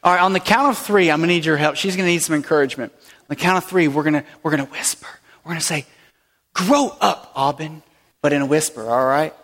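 Male pastor, high voice, casual playful sermon delivery, long hall reverb. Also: racing, a bit bright. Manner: playful, conversational preaching with asides to a baby. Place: church sanctuary.

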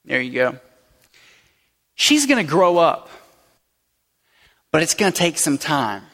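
A man with a high-pitched voice preaching a sermon from the front of a church, his words ringing through a long, reverberant hall. He keeps it playful and conversational, dropping in warm-hearted asides as he teaches. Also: very animated, slow pace. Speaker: pastor. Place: church sanctuary.

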